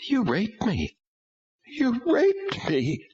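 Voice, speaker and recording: A man's voice: fairly high pitch, wildly swooping pitch, moderate pace, a bit bright, husky, voice pushed up, exaggerated voice. A man reading an audiobook, voicing a distressed teenage girl who lashes out at her father. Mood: tearful. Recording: dull lo-fi audio.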